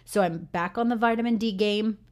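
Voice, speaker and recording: A woman in her thirties with a Midwestern American accent, co-hosting a casual podcast in a chatty, animated way. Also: medium pitch, fairly quick. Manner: chatty, animated storyteller with frequent "like". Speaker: podcast co-host.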